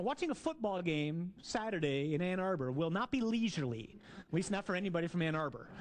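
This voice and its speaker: A man's voice: high voice, darkish tone. A man, a priest, giving a conversational sermon with jokes and asides to the congregation.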